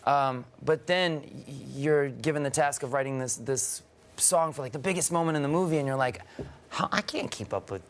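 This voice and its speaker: A man as an interview guest, talking casually about writing songs in a halting way with many restarts. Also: on the high side, a little hiss or hum.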